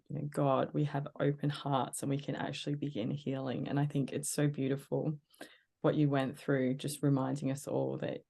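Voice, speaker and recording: A woman hosting an interview, soft-spoken and reflective as she sums up and asks her guest a question. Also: sits low, gravelly. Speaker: podcast host. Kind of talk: conversational interview.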